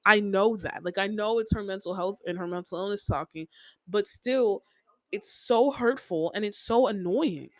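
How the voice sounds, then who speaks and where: A young woman talks through a casual podcast monologue at a middle pitch, circling back and repeating herself with many fillers. The sound is dry, with no room echo. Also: moderate pace. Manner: venting, heavy use of "like" fillers, repeats herself. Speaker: podcast host.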